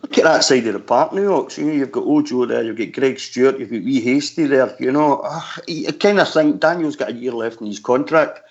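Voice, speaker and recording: A man's voice: mid-range voice, fairly quick, hardly any pauses. Scottish man, chatty fan-radio pundit, easy laugh, muffled lo-fi line. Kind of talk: casual chat. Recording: dull lo-fi audio.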